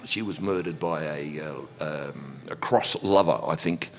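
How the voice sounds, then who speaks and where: A middle-aged man, a pub owner, telling stories in a relaxed, rambling way with frequent restarts and laughs. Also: a bass voice, a little slow. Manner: rambling, repeats words and restarts, laughs often. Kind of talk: relaxed storytelling. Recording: long reverb.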